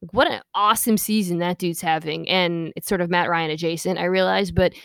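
A woman hosting a sports podcast, talking casually in quick asides with a playful, defensive streak. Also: on the low side, fairly even intonation, vocal fry, clean tone, no echo. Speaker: podcast host.

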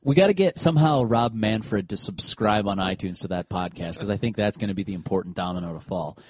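This fairly low-pitched man talks a little fast, with a bit of hiss or hum on the recording. He co-hosts a sports podcast, chatting casually and telling stories as an animated storyteller who acts out what players and umpires said.

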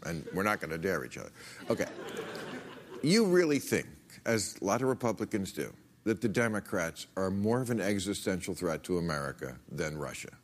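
A man hosts a talk show and presses his guest, cutting in often with sarcastic jabs. His pitch moves a lot, swooping from low to high as he argues. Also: sing-song, brisk, a little hiss or hum. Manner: needling, sarcastic, interrupts often. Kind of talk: combative interview.

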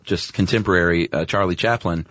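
A man co-hosting a podcast, talking in a relaxed, conversational way with plenty of fillers. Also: low voice, brisk, no echo, studio quality. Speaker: podcast co-host. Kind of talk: casual chat.

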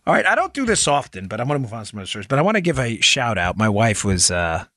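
A man's voice: medium pitch, big pitch swings, very fast, pushed and bright, dry recording, studio quality. A middle-aged man from New York hosting a political commentary podcast, emphatic and firing off rhetorical questions to his listeners. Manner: emphatic, fires rhetorical questions, talks to "folks". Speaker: podcast host.

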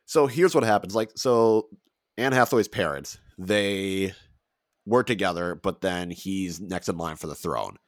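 A man co-hosting a podcast, talking loosely and laughing often. His voice sits very low. The sound is dry and close, with no room in it. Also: a little slow, no echo. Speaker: podcast co-host. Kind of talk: casual chat.

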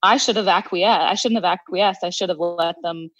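A woman's voice: on the low side, normal speed, a bit bright, no echo, muffled recording. A woman co-hosting a podcast who tells stories in a wry, laughing way. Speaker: podcast co-host. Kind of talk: casual storytelling chat.

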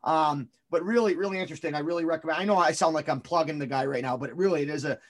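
A man's voice: on the high side, very fast. A man co-hosting a sports podcast, talking in a rambling, hesitant way with many fillers and restarts. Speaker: podcast co-host. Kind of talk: casual chat.

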